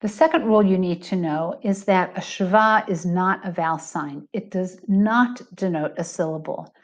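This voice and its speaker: A middle-aged woman teaching a recorded lesson, explaining patiently and slowing down to stress examples. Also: lowish voice. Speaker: Hebrew teacher.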